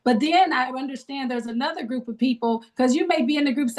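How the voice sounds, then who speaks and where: A woman's voice: high voice, brisk, few pauses, a little mellow. A middle-aged woman leading a grief support group on a video call, encouraging people with preacherly call-and-response. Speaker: grief ministry leader.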